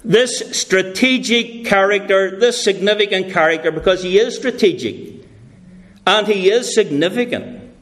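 Slow, deliberate male preacher. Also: high-pitched, fairly bright tone. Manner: drops into playful British voices for illustrations. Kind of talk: sermon.

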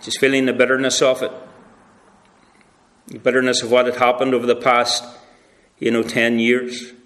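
A man's voice: monotone, normal speed, a bit bright. A man preaching a sermon, teaching a Bible passage in a conversational, meandering way with many fillers. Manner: conversational, with many fillers, drifts in pitch for emphasis.

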